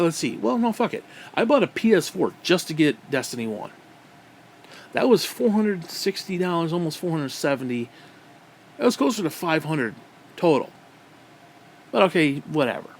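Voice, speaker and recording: A man delivering an angry, profane rant as a gaming vlogger, with loud outbursts. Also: a little high. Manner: profane and aggressive.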